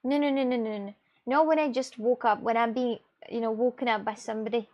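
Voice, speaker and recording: A woman's voice: fairly high pitch, steady tone, brisk, highs cut off. A young woman chatting bluntly and rambling on a live stream, reading out chat messages and laughing often.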